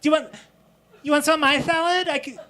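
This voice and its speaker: A man on stage playing a fussy female office boss who keeps announcing her small side salad, hushed and breathy, repetitive and self-justifying. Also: very high-pitched, fairly even intonation, fast talker, voice pushed up. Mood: shrill, pushy. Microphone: stage mic. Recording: live audience laughter.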